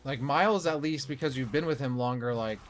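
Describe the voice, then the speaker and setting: A man's voice: medium pitch, fairly quick. Laughy guy streaming a game, ranting about it, bit of background hiss. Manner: chatty, laughing, sarcastic critique. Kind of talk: casual let's play commentary.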